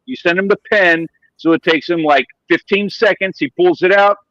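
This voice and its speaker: Talkative dude telling stories, bright kinda highish voice, audio a bit muffled and lo-fi. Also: male voice, moderate pace, dry recording. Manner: chatty storyteller, eager, swears casually. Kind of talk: casual chat on a stream.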